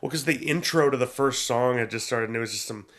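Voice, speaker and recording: A man's voice: mid-range voice, fast, a bit bright. A man co-hosting a podcast, rambling casually with crude jokes and lots of fillers. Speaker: podcast co-host. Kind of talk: casual chat.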